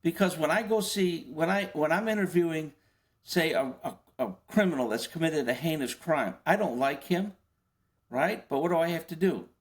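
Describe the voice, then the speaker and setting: A fairly high-voiced older man talks through his points in a relaxed interview. He keeps asking his listener rhetorical questions and often trips into restarts before pressing on. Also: normal speed. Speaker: interview guest, former FBI agent. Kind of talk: conversational explanation.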